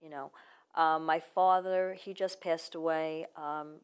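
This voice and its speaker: Female author guest, slightly low voice, earnest and reflective, personal storytelling. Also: steady tone, slow pace, clean tone. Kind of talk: casual interview.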